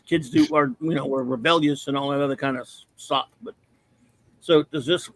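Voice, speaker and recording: A man's voice: medium pitch, fairly even intonation, normal speed, a bit bright, dry recording. Blunt opinionated man, dry close sound. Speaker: podcast co-host. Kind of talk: casual chat.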